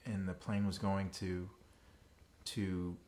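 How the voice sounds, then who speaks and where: Guy with a lowish voice, just telling what happened, no fuss. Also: flat delivery, slow, a little mellow. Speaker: podcast co-host. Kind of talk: casual storytelling.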